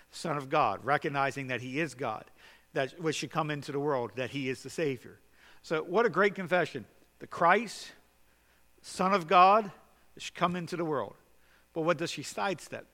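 A man preaching a sermon in an earnest way, swinging between loud exhortation and quiet questioning. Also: medium pitch, long reverb tail.

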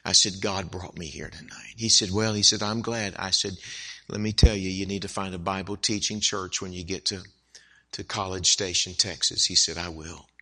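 A male preacher tells a personal story from the pulpit with a bright, forceful voice. He acts out each side of the dialogue, and his voice climbs high for emphasis before dropping back to a plain telling tone. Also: normal speed. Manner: animated storyteller who acts out dialogue, rising to emphatic peaks. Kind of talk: sermon storytelling.

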